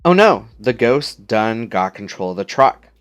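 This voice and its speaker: A man voicing a boisterous ghost-hunting trucker with a Southern US drawl, loud and panicky. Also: lowish voice, very animated, a little slow. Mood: panicked.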